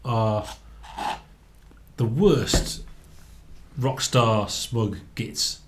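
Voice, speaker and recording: A man's voice: on the low side, extremely slow, noisy background. A man, chatting casually as co-host of a book review, laughing often and repeating words as he thinks. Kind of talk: casual chat.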